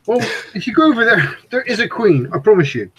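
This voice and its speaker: A man's voice: high voice, fairly bright tone, poor audio. A man playing in a live-streamed tabletop game, teasing and laughing often. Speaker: player.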